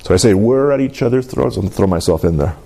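A middle-aged male pastor who preaches a sermon in a lively call-and-response way and drops into playful voices now and then. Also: fairly low pitch, fast talker, vocal fry.

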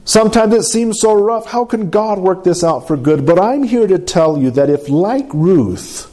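A man preaching a sermon to a congregation, asking for amens and swinging between high emphatic lines and low drawn-out ones. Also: animated, mellow. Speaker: pastor.

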